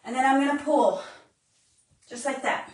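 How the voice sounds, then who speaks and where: A woman's voice: high voice, normal speed. A woman fitness instructor demonstrating modified exercises live, out of breath as she coaches and counts reps. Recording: roomy, distant phone-camera sound.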